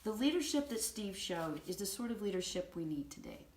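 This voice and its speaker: A woman hosting a book review, retelling an anecdote in a vivid, animated storytelling manner. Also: medium pitch, fairly quick, slight background noise. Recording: roomy echo.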